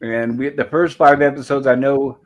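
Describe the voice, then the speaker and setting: A man of ordinary pitch hosting a live stream. He greets everyone and reads out the chat messages in a friendly, rambling way, with easy casual chat between the names. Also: steady tone, normal speed. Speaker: podcast host.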